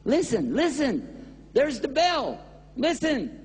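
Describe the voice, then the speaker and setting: A man's voice: lively intonation, moderate pace, a little mellow, slightly rough, long reverb tail. A man with a Texan accent voicing a pleading man who urgently warns a stranger about a coming train. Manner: urgent, pleading, climbing high.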